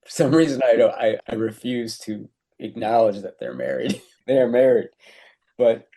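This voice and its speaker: A man co-hosting a podcast, talking over a short story in a relaxed chat and laughing often as he goes. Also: medium pitch, normal speed, creaky. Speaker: podcast co-host. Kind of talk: casual literary discussion.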